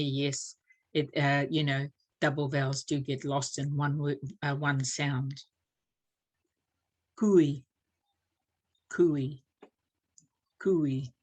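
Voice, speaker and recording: Low-voiced New woman teaching pronunciation. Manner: unhurried, filler-heavy explanations. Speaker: presenter of a church Māori language series. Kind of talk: teaching Māori pronunciation with spoken examples.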